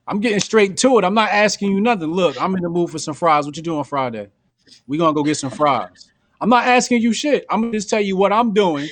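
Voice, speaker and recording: A man's voice: fairly high pitch, no echo. Blunt slangy man on a podcast. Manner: blunt, slangy, acts out quick mock dialogue. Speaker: podcast host. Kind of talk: casual podcast chat.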